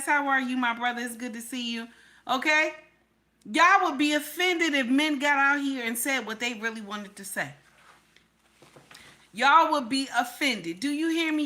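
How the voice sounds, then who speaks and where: A woman's voice: high-pitched, sharp tone. A woman giving blunt, emphatic reaction commentary, often repeating "Okay?" for emphasis.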